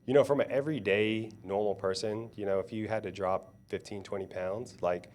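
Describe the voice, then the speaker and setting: A man with a notably low, deep voice hosts a relaxed conversation. He speaks in a laid-back and encouraging way, often filling his sentences with "you know". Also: fairly quick. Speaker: host and coach. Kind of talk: casual conversation.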